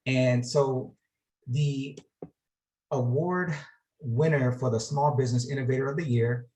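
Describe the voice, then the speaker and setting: A man presenting an award at an online ceremony on a video call, measured with hesitant fillers. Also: medium pitch, fairly even intonation, mellow, low-quality recording.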